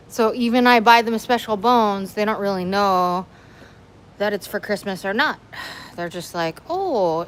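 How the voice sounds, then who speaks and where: A woman's voice: fairly high pitch, clear, resonant tone, rough recording. A woman vlogger chatting casually on a livestream at home, slipping into cooing baby talk to her dogs.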